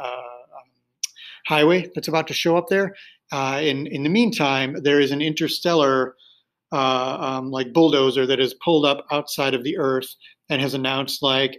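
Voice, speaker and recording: A man's voice: on the high side, poor audio. A male teacher casually recommending books to his students, rambling loosely with many fillers and restarts.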